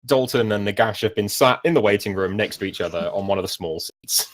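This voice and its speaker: A man's voice: fairly low pitch, brisk. A man narrating as game master of a tabletop game, rambling and self-mocking with many fillers.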